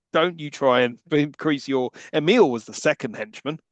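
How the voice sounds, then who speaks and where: A man co-hosting a podcast, trading quick, jokey banter about a film and laughing often. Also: on the high side, lively intonation, no echo. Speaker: podcast co-host. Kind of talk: casual film-review chat.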